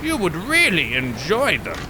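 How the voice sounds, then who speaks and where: A man's voice: high voice, huge pitch swings, unhurried, noisy background, exaggerated voice. A man putting on an old witch's voice, sugary and coaxing as she lures children.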